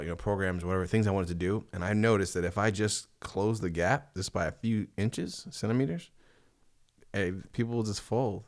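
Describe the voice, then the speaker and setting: A man from the East Coast speaks as a podcast guest in easy, reflective casual chat. His voice is very low and he talks in a laid-back way with casual slang. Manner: relaxed, reflective, says dope and tight.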